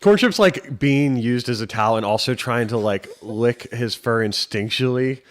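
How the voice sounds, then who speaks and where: A man's voice: medium pitch, normal speed. A man playing in a tabletop game stream, loose and jokey, laughing as he talks. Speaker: player. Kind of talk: casual game banter. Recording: very noisy mic line.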